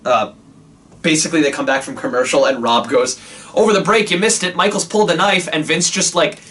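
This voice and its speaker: A man reviewing old wrestling shows in a casual, sarcastic rant, swearing often and jumping into high mocking quotes. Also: far from the mic. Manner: animated, sarcastic, profane, jumps to high squeaky quotes.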